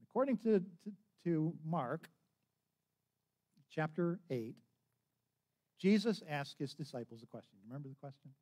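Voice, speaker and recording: Lively, conversational male preacher. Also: fairly high pitch, measured pace, long pauses. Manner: conversational storytelling with restarts and acted quotes. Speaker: pastor. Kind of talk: sermon.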